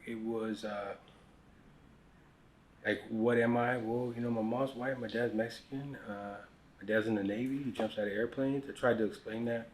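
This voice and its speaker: A middle-aged American man tells personal stories in a loose, conversational way, often restarting sentences and dropping his voice for asides, so he sounds candid and unrehearsed. His voice is medium-pitched with fairly even intonation and a moderate pace, and there's a little hiss or hum.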